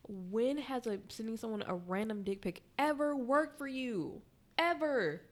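A woman co-hosting a podcast in casual chat, frank and affirming and quick to laugh. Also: a little high, lively intonation. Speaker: podcast co-host.

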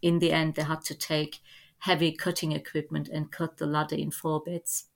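A middle-aged woman telling family stories as a podcast guest, in a lively anecdotal way. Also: sits low, moderate pace, vocal fry. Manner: lively anecdotal storytelling with laughs. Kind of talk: storytelling in a podcast interview.

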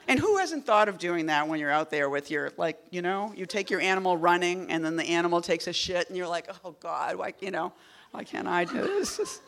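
A woman poet giving a casual talk at a reading series. She wanders off on tangents, fills gaps with "like" and "you know", and drops wry, deadpan asides. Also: lowish voice. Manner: rambling and digressive, full of "like" and "you know".

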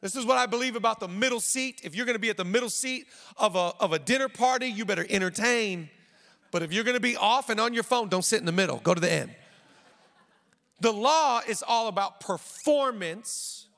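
A man preaching a sermon as pastor, lively, with joking asides and repeated phrases for emphasis. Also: sits high, fast, gravelly. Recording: long reverb of a large hall.

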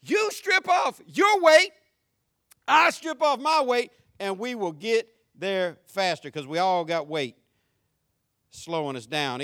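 A man preaching a sermon as pastor, folksy and joking, swinging from shouts down to quiet, low talk. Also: no echo, clean studio sound. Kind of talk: conversational sermon.

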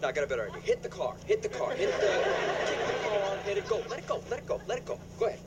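A man's voice: high-pitched, sing-song, rapid-fire. An actor playing a brash man who coaxes a friend over a ruined car, with a pushy, joking manner. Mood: coaxing. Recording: sitcom clip with loud background noise.

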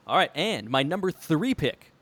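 A man's voice: on the high side, sing-song, fairly bright tone. Enthusiastic man chatting on a podcast. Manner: enthusiastic, laughs often, quick bursts. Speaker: podcast co-host. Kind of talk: casual podcast chat about wrestling.

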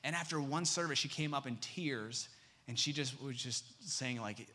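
A young adult man, a campus missionary, preaching a sermon full of stories and acting out dialogue with sudden pitch jumps. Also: normal speed, sharp tone.

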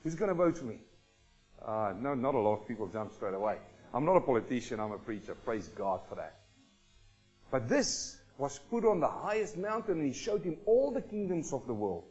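A man preaching a sermon, swinging from hushed low asides to loud exclamations and asking the congregation for responses. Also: big pitch swings, brisk, muffled recording, soft background music. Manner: asks the congregation questions and calls for responses.

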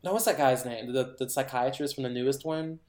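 A man co-hosting a podcast, giving an animated, rambling retelling full of filler words in casual chat. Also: medium pitch, fairly quick. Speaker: podcast co-host. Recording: roomy echo.

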